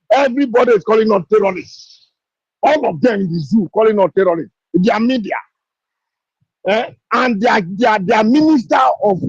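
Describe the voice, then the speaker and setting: A man's voice: high-pitched, a little mellow, breathy edge, no echo. A man with a Nigerian English accent gives an impassioned speech on an online call, piling up repeated rhetorical questions. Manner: repetitive rhetorical questions, fiery. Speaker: participant in an online discussion. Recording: dull lo-fi online call audio.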